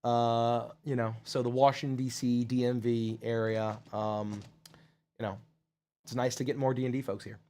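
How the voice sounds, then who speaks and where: Low-key middle-aged man from Maryland. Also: level tone, normal speed, dark tone. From Maryland, USA. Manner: plain, low-key and dry, with casual swearing. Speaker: host of a crowdfunding Q&A stream. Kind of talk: casual livestream Q&A.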